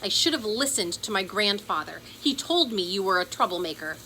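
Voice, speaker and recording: A woman voicing an anxious young boy whose voice turns high and screechy when upset. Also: lively intonation, brisk, sharp tone, slight background noise, rough recording. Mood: accusing.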